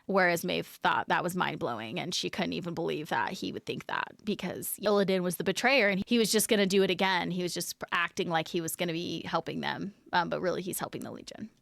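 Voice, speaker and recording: A woman's voice: lowish voice, fairly quick, vocal fry, hardly any pauses, a bit bright, dry recording, studio quality. A woman streamer guiding viewers on a game lore tour, chatty and self-deprecating. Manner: chatty, self-deprecating, laughs at own mispronunciations. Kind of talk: casual live-stream narration.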